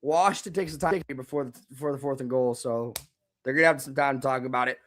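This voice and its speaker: A man reacting live to a football game, swinging from low muttering to angry shouting and repeating words. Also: quick pace. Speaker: fan reaction streamer.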